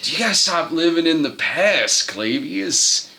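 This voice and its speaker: A man's voice: a little high, expressive, measured pace, vocal fry, sharp tone, slight background noise, heavily acted. A man voicing a laid-back stoner hippie holy man, talking in a lazy surfer-dude drawl. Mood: mellow.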